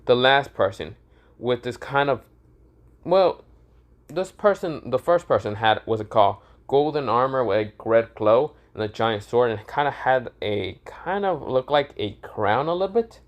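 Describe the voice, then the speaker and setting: A man's voice: mid-range voice, expressive, normal speed. A young man narrating a fan story casually, with many fillers and self-corrections.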